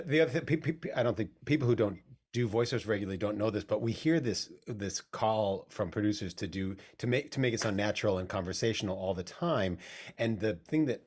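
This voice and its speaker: A man hosting an interview, asking stumbling questions in a casual, animated way. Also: lowish voice. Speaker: interview host.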